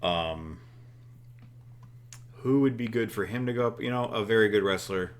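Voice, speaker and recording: A man's voice: lowish voice, moderate pace. A man co-hosting a casual game session, thinking aloud with fillers and jokes. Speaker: co-host. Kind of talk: casual chat while playing a booking game.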